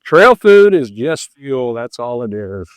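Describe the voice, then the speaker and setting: A man's voice: mid-range voice, very animated, slow, clean tone, no room sound. Folksy older man in his seventies. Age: 70s. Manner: folksy and rambling, full of "you know" and "man". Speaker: podcast guest, thru-hiker and pastor. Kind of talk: casual interview chat.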